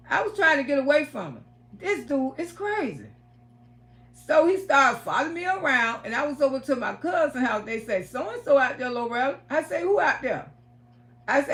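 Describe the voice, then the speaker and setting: High-voiced woman telling a story. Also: a bit bright. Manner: dramatic retelling, acts out quoted voices, swears. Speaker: livestream host. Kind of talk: casual storytelling to viewers.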